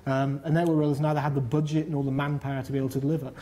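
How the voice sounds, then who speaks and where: A man's voice: medium pitch, flat delivery, racing, mellow. A middle-aged man from northern England, speaking at a panel discussion, fluent but full of ums and restarts. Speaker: panel speaker on business and infrastructure. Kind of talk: explaining at a public discussion.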